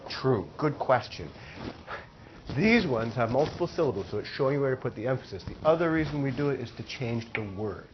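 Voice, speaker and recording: Guy teaching a spanish class, slow patient explaining, a bit dull lo-fi classroom recording with faint hiss. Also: mid-range voice, big pitch swings. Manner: explains slowly, repeats phrases for students. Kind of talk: classroom lesson.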